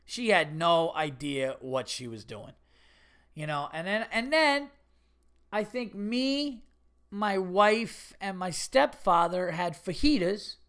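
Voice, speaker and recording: A man telling a story on his podcast in a loose, conversational way. He curses freely, and his voice swings up into sharp, indignant outbursts before dropping back to an easy, chatty tone. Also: high-pitched, slow pace, clear, resonant tone. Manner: animated, swearing, rising to indignant bursts. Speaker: podcast host. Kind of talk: casual storytelling monologue.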